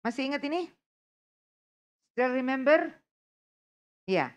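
Slow-talking teacher. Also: female voice, high voice, animated, smooth. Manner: coaxing, checks in with the class often. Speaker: English test prep teacher. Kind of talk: live online lesson.

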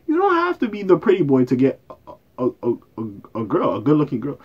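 A man's voice: a little high, huge pitch swings, a little fast, darkish tone, breathy edge, lo-fi sound. Blunt, profane young man ranting. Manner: profane, blunt, exasperated, swinging from mutters to outbursts. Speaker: YouTube commentator. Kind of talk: casual rant commentary.

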